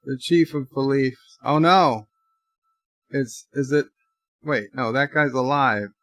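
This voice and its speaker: Man, live watch-along commentary, slow talker, dry close mic, thinking aloud. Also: medium pitch, steady tone, a bit bright, no room sound. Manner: thinking aloud, describing scenes as they play. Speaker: channel host and commentator.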